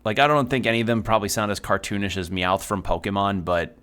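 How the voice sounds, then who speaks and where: A young man with a slightly low voice talks through his game stream in a loose, rambling way. He drifts between chatter and reactions to play, dropping frequent swear words. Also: fairly even intonation, fast talker, a bit bright, clean tone. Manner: rambling, swears often while playing. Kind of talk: casual let's-play commentary.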